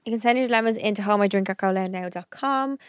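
A young woman rattles through casual podcast chat at a brisk clip. She also reads the sponsor lines in the same quick, lively way. Her voice sits close and dry in a small studio. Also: mid-range voice, dry recording. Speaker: podcast co-host.

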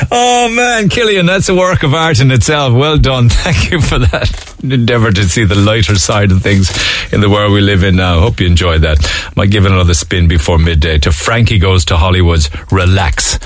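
A man's voice: fairly low pitch, moderate pace. A man with an Irish accent hosting a radio talk show, chatting casually with callers, reading out listener texts and laughing easily. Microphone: studio microphone.

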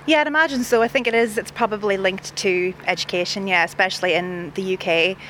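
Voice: mid-range voice, fairly even intonation, brisk, a bit bright, a little hiss or hum. An acting student answers a street interview outdoors, musing as they talk.

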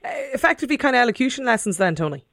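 A woman hosts a radio phone-in with a dry, close sound. She is brisk and engaged, reads out listener texts, and chimes in with quick affirmations. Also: fairly high pitch, sing-song, creaky, fairly bright tone, no echo. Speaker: radio host. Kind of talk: radio talk show hosting.

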